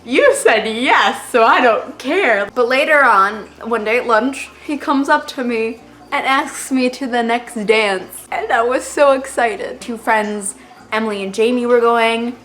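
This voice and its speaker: A woman's voice: fairly high pitch, unhurried, a bit bright. A teenage girl telling stories to camera in a casual, rambling way, full of filler words and self-deprecating asides. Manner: chatty, rambling, heavy on "like" fillers. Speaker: vlogger.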